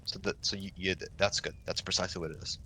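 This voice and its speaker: A young man with a fairly low voice explains radio procedure to a trainee in a relaxed, loose way, restarting sentences and swearing offhandedly. A faint hiss of background noise sits under his voice. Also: fast. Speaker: milsim instructor. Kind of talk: casual training session.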